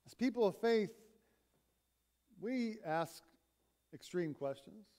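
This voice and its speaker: Slow, high-voiced male pastor preaching. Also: lively intonation, mellow. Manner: storytelling, retelling a conversation. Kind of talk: sermon. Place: church sanctuary.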